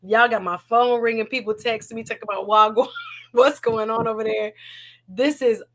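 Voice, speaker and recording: On a casual livestream, the woman hosting it speaks at a moderate pace in a slightly high, fairly bright voice with a steady tone. She gets emotional, laughs a lot, and repeats herself.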